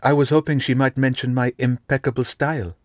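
A man's voice: mid-range voice, level tone, fairly quick, no echo, voice pushed up, lightly acted. A man reading an audiobook, voicing a dry, stylish teenage French girl who talks teasingly.

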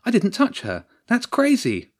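A man voicing a fiery teenage girl who captains a school football team, shouting at the referee in a storybook reading. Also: lowish voice, unhurried. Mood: outraged. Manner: shouting in outrage.

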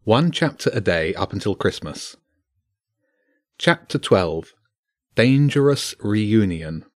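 A man narrating a children's bedtime story in a steady, measured reading voice. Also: fairly low pitch.

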